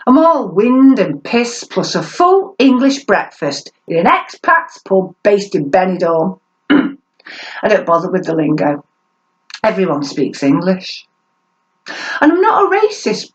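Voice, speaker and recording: A woman performance poet delivering a spoken word set with a sardonic, lively manner and the odd laugh. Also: medium pitch. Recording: dull lo-fi recording.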